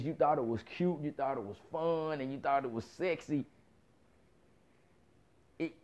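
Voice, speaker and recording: A man's voice: fairly high pitch, darkish tone. A man giving a casual opinion monologue, blunt and profane, repeating himself for emphasis as he rants. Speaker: commentator. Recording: dull lo-fi sound.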